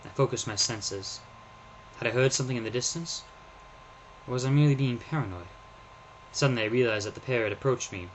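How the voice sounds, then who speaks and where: Guy reading his own story out loud, calm and measured, kinda subdued. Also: mid-range voice, slight background noise, low-quality recording. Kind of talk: first-person story narration.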